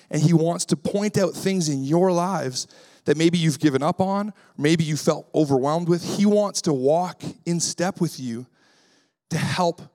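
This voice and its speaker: A male pastor preaching a sermon in a relaxed, conversational way, weaving in stories about his daughters and acting out what he says to them. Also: on the high side. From Canada. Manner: lively, acts out his own voice when quoting himself.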